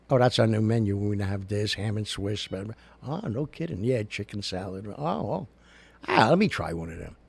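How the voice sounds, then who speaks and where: A man's voice: lowish voice, vocal fry, a little mellow, breathy edge. A man hosting a casual livestream, talking to his viewers in a rambling, chatty way and ranting at times. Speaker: host. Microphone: studio recorder mic.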